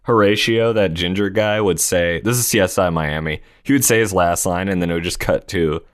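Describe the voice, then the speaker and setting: A deep, low-pitched man co-hosts a relaxed podcast. He laughs easily and swears casually as he chats. The sound is dry and close, with no room around it. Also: fairly quick, no room sound. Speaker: podcast co-host.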